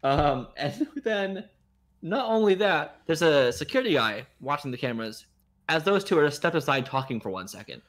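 A man's voice: fairly high pitch, sing-song, normal speed, a bit bright. Guy on a podcast rambling thru a movie recap, voice jumps all over, lots of restarts. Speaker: podcast co-host. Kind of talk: casual chat.

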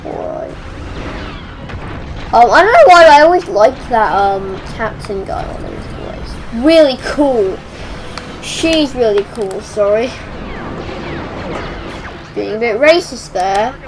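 A young woman casually commenting on her gameplay in an excitable, chatty way. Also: a little high, takes it slowly, long pauses, noisy background. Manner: excitable, chatty, exclaiming at the action. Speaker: let's play gamer. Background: game music.

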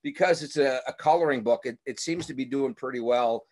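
A man's voice: medium pitch, fairly quick, darkish tone, slight background noise, poor audio. A man from Massachusetts giving a friendly step-by-step drawing lesson to kids over a webcam. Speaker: illustrator teaching drawing. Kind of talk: drawing lesson on a video call.

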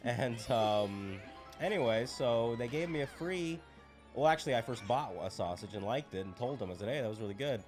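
A man's voice: medium pitch, animated, normal speed, darkish tone, soft background music. Laid-back hesitant man. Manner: laid-back, hesitant, lots of ums and dry asides. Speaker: co-host. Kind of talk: casual chat while playing a video game.

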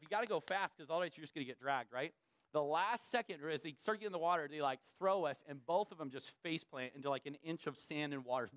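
A young man preaching a sermon in a church, telling a lively story and acting out the voices of the people in it, laughing along as he goes. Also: on the high side, no room sound, studio quality. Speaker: pastor.

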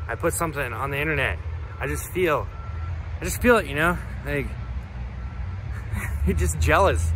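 A man rants to the camera outdoors with a bright, somewhat high voice that swings widely in pitch. He rambles through rhetorical questions and casual swearing at imagined haters. Faint traffic hums behind him. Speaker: comedy vlogger. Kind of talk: comedic rambling rant to the camera. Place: outdoors on a hike.

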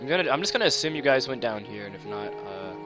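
A man's voice: medium pitch, sing-song, fast, over music. A rambling, joking man chatting over gameplay. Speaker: gamer. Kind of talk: casual gameplay chat.

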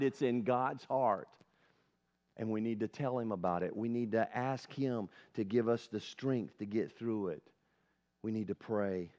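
A man's voice: medium pitch, a little slow, darkish tone. A male pastor giving an earnest, conversational sermon at a church service, often asking the congregation questions. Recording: dull lo-fi sermon recording.

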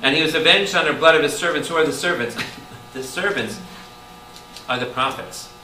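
Priest preaching in a roomy hall. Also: male voice, on the high side, normal speed. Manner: animated, calls out questions to the room. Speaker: priest teaching Bible study. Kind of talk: lively preaching to a congregation. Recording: roomy hall taped from a distance with noise.

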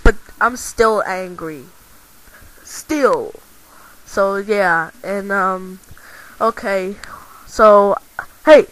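A woman's voice: medium pitch, extremely slow, pauses often, fairly bright tone, rough recording. A woman voicing an angry male toy action figure in a home-made toy video, rambling and repeating herself. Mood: angry, ranting.

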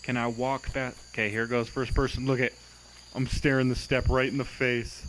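A man's voice: medium pitch, level tone, normal speed, fairly bright tone, a little hiss or hum, rough recording. A young man giving casual, exasperated commentary on a game he is playing, swearing and mocking its glitches. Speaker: gameplay commentator.

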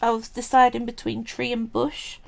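A woman's voice: fairly high pitch, completely flat delivery, moderate pace, vocal fry. A woman with a Cockney accent, talking chattily through a craft tutorial at home, thinking aloud as she works. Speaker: polymer clay crafter and streamer.

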